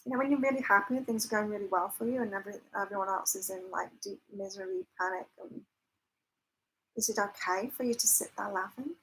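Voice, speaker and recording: A woman's voice: medium pitch, lively intonation, fast, vocal fry, a bit bright, slight background noise, poor audio. A woman hosting a live psychic chat, talking casually with viewers, laughing often and reading out their comments. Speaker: psychic livestream host. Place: temporary lodging, staying away from home.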